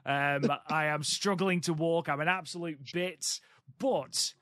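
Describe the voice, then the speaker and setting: A man's voice: on the high side, steady tone, measured pace, a bit bright, dry recording. A man co-hosting a podcast in casual chat, telling stories with lots of ums. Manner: chatty, storytelling, frequent ums. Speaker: podcast co-host.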